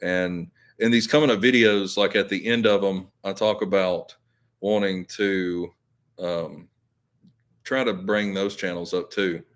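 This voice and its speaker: A man's voice: low voice, fairly even intonation, a little slow. A man hosting a live stream, chatting casually with viewers in a rambling way, full of fillers and self-corrections. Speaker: YouTube channel host.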